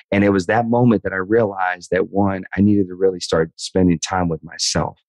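Guest, 30s man, very low voice, earnest candid interview talk, says man a lot, dry sound. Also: steady tone, a little fast, few pauses, a little mellow, dry recording, rough recording. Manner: earnest, repeats words, says man and dude. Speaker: podcast guest.

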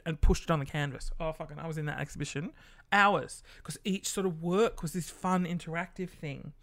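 Chatty swearing storyteller. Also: medium pitch. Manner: chatty, swears freely, acts out quoted people. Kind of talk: casual storytelling monologue.

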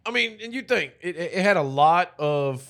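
Animated, profane man reviewing a movie. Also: high-pitched, moderate pace. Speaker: podcast co-host. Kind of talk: casual movie review chat.

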